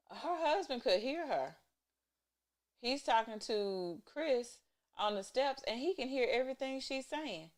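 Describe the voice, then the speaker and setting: A woman hosting a casual show recap, chatty and exasperated as she retells scenes, talking on a webcam. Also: on the low side. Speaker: show recap host, intimacy coach.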